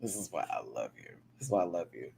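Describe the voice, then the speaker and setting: A man ranting casually as a reality show reviewer, animated, sassy and gossipy. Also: low-pitched, quick pace, vocal fry, slight background noise.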